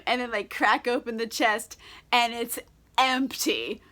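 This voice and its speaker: A tipsy woman vlogger rambles through a casual book recap. She is irreverent, swearing and giggling as she goes. Her voice is high, bright and sharp. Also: normal speed.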